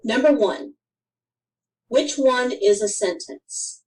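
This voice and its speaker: A woman reading a grammar lesson for children aloud, in a careful, deliberate way with clear pauses. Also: a little high, animated, darkish tone, distant mic, low-quality recording. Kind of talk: slow scripted instructional narration.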